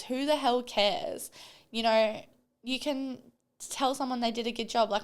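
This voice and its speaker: A woman's voice: fairly high pitch, fairly even intonation, normal speed, fairly bright tone, smooth. Blunt woman podcasting. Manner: blunt, swears freely, impassioned rallying. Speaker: podcast host. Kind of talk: solo podcast monologue.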